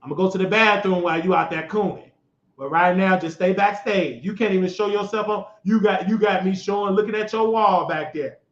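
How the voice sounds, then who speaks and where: A man hosting his own show, giving loud, mocking political commentary that rises to shouts when he gets worked up. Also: sits high, a little fast, roomy sound, muffled recording. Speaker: show host.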